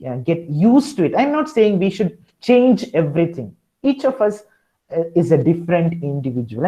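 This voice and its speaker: A man's voice: a little high, warm tone, low-quality recording. A man with an Indian English accent giving a webinar lecture, coaching listeners directly and repeating key advice. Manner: repetitive, encouraging, addresses listeners directly. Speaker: guest lecturer.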